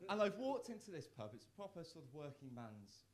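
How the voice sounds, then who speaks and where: A young man from the works a comedy club crowd, his voice sitting a little high for a man. He trips over his own words and restarts often, then throws his punchlines out loud. He sounds self-mocking and close on a handheld stage mic. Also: big pitch swings, a little fast, slight background noise. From Worcester, England. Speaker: stand-up comedian. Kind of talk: live stand-up set.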